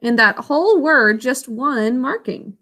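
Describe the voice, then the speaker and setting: A woman teaching a children's spelling lesson, sounding out words letter by letter and syllable by syllable in a slow, patient way. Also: high voice, expressive, pushed and bright. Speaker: literacy teacher.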